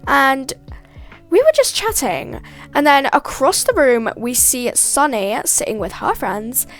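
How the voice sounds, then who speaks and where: A woman's voice: high-pitched, expressive, a little slow, a bit bright. A teenage girl telling a storytime vlog, chatty and full of "like", acting out bits of dialogue.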